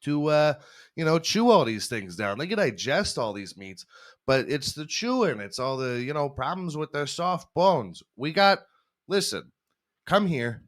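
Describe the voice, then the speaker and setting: A young man does a profane, rambling comedy bit on his podcast. His pitch swings all over as he riffs, and he keeps breaking into laughter at his own jokes. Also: very animated, unhurried. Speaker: podcast host. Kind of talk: crude comedic monologue.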